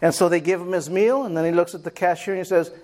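High-voiced man preaching with amens. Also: steady tone, quick pace, darkish tone. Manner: preaching with call-and-response amens and acted-out stories. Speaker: pastor. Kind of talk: sermon.

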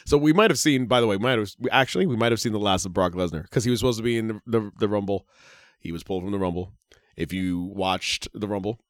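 A man's voice: on the low side, quick pace, no room sound, studio quality. A man co-hosting a podcast in laid-back, rambling casual chat. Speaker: podcast co-host.

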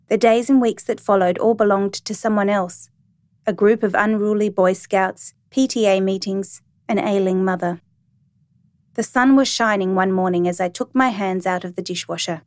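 Woman reading a story calmly. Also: medium pitch, moderate pace, no room sound. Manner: calm, even, reflective reading. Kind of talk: storybook narration.

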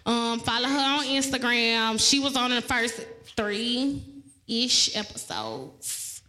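A woman, hosting a live podcast in loud, laughing, casual banter and swearing freely. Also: a little high, animated, slow pace, poor audio. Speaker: podcast host.

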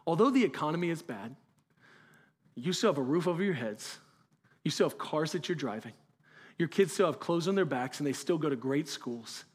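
High-voiced earnest male preacher. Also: expressive, moderate pace, a little mellow, husky. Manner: earnest, conversational preaching with rhetorical questions. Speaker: pastor. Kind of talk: sermon.

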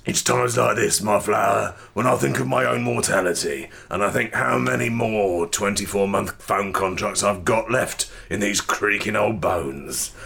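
A man's voice: on the low side, unhurried, vocal fry, few pauses, a bit bright, husky. A man co-hosting a comedy podcast, playful and mock-dramatic, swearing freely. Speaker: podcast co-host.

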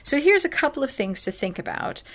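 A woman's voice: sits high, sing-song, brisk. Tired woman giving a casual parenting talk. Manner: earnest, conversational, yawning at times. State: tired, short on sleep. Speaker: podcast host and parenting speaker.

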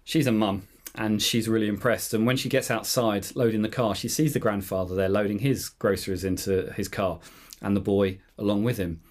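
A man preaching a conversational homily, telling stories in an easy, relaxed way. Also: fairly low pitch, moderate pace. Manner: relaxed storytelling with anecdotes.

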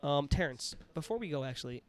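A young man rattles along fast in a casual podcast chat, joking and animated. His voice is fairly high and clear. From New York. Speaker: podcast co-host.

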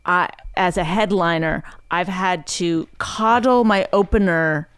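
A woman's voice: lowish voice, unhurried, clean tone, dry recording, clean studio sound. A woman in her forties, a comedian guest, chatting casually and wryly mocking herself. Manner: wry, self-mocking. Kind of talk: casual chat.

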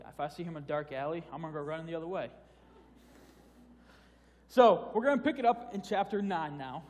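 A man's voice: fairly high pitch, darkish tone. A man preaching a sermon in a casual, conversational way, often restarting phrases and repeating words. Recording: long hall reverb.

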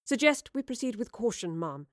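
A dutiful female enforcer officer, acted by a woman who speaks in crisp, formal military reports. Her voice is lifted higher than the narrator's plain tone. The storybook recording is dry and close. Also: very animated, moderate pace, no room sound.

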